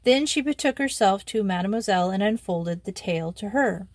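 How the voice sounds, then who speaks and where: A woman's voice: mid-range voice, animated, fairly quick, no echo. Woman reading a storybook aloud, dry sound. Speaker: audiobook reader. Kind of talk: scripted storybook narration.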